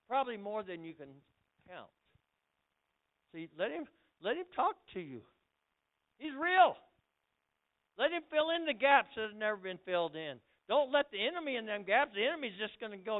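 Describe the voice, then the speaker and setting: An older man preaching as a pastor in a church, excitable, with loud bursts and repeated words. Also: sits high, normal speed, long pauses. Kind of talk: lively church sermon. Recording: phone-like lo-fi recording.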